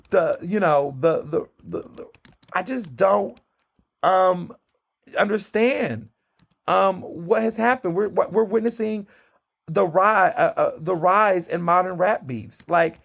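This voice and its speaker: A man hosting his own podcast, talking in an animated, gossipy way full of sassy asides. His voice sits a little high, with a gravelly edge. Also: takes it slowly. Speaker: podcast host. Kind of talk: casual solo podcast chat.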